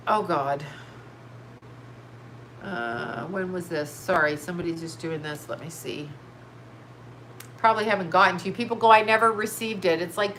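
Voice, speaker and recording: A woman's voice: fairly low pitch, a bit bright, slight background noise. A woman hosting a casual psychic livestream, chatting in a scattered, blunt way and reading viewer comments aloud, her nose stuffed up. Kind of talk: casual rambling livestream chat.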